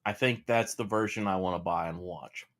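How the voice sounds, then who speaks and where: A man chatting on a podcast, joking with quick quips. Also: low voice, a bit bright. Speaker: podcast guest. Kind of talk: casual chat.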